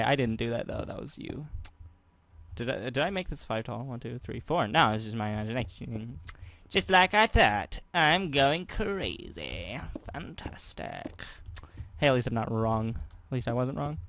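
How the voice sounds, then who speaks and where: A man's voice: mid-range voice, normal speed, fairly bright tone, no echo. Young man rambling over his game. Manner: rambling, jokey, talks to himself while counting aloud. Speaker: gaming YouTuber. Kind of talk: casual gameplay commentary.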